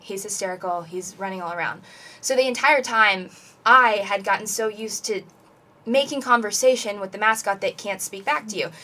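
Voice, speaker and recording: A woman's voice: mid-range voice, moderate pace, recorded from a distance. Chatty young woman a little off-mic. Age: young adult. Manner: animated, rambling, many "like" and "basically". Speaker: podcast co-host. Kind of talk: casual chat, storytelling.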